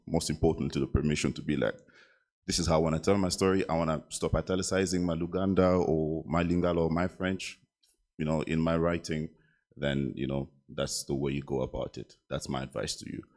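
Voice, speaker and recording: Very deep-voiced hesitant man. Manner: hesitant, reflective, many um fillers. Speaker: festival panelist. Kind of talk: casual panel talk. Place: literary festival panel.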